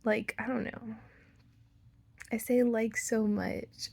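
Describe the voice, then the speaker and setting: A woman's voice: fairly high pitch, level tone, takes it slowly, creaky, pauses often, darkish tone, slightly rough. A young woman with an American Valley girl accent, talking casually to camera, full of "like" fillers, playful asides and half-whispered lines. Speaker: vlogger.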